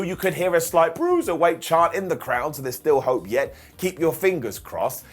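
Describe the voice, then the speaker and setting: A man in his thirties recapping a wrestling show in a sarcastic, jokey monologue full of quick mock impressions. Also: on the high side, lively intonation, fairly bright tone, soft background music.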